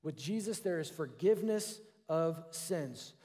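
A man preaching a sermon in an earnest way, with his voice falling softer when he voices prayers. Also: on the high side, animated, unhurried. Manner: earnest, drops to a soft hush for quoted prayers. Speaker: pastor. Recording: long hall reverb.

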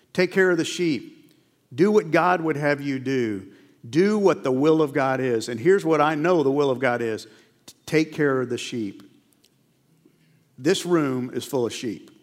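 A man's voice: medium pitch, long reverb tail. A middle-aged man preaching a sermon in a church, earnest and conversational, full of rhetorical questions. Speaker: pastor. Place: church sanctuary.

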